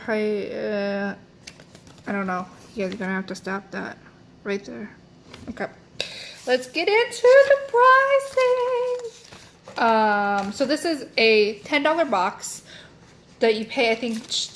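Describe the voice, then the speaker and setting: A woman's voice: medium pitch, slight background noise. A young woman chatting casually as she unboxes beauty products, rambling with lots of fillers and self-corrections. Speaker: beauty vlogger.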